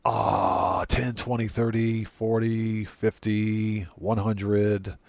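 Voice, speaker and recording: A man's voice: lowish voice, flat delivery, extremely slow, gravelly, a little mellow, dry recording. A man chatting casually with viewers while streaming a game, greeting them by name and often repeating and correcting himself. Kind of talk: casual livestream chat.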